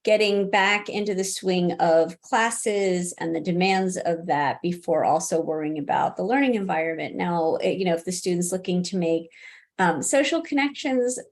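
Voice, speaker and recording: In a lowish voice at a moderate pace, a middle-aged woman answers interview questions as an expert on college disability services. Her talk is conversational, full of restarts and fillers, and she laughs readily.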